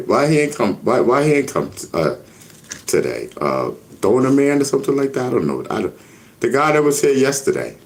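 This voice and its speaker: A man hosting a casual livestream, reading viewer comments aloud and riffing on them with repeated catchphrases. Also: mid-range voice. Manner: reads chat comments aloud, repetitive catchphrases. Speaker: livestream host.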